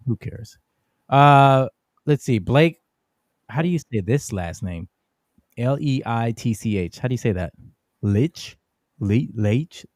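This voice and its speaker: A man's voice: mid-range voice, measured pace, long pauses, dry recording, studio quality. A man co-hosting a casual podcast chat, reading listener comments aloud in a wry, chatty way. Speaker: co-host.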